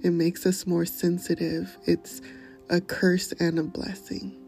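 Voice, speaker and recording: A woman hosts a podcast in a soft, slow manner, her mellow voice often sinking into a breathy near-whisper. Her pitch stays fairly level and even, with faint music beneath her words. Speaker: podcast host. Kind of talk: gentle motivational talk and poetry reading.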